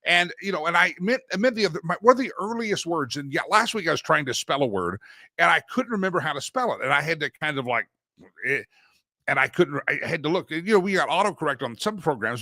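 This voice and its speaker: On a casual news commentary show, a man hosts the morning talk segment, chatting, joking, and wandering into rambling asides. His voice is a little high with a sharp edge, captured in clean studio sound with no echo.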